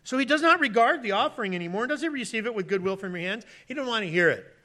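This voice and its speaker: A man, likely in his thirties, preaching a sermon with lively delivery, acting out pleading voices in sudden loud bursts and then dropping to quiet asides. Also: high voice, fast. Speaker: pastor.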